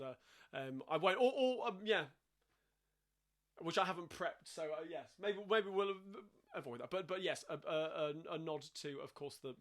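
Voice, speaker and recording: A man's voice: a little high, a bit bright. A man with a London Cockney accent hosting a live-streamed sing-along, chatting casually between songs with lots of fillers and restarts.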